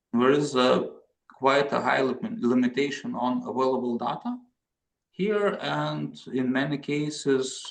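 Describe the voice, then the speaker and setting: A man from Lithuania giving a conference presentation, halting and searching for words with frequent repeats. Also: mid-range voice, gravelly. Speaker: conference panelist. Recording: roomy echo.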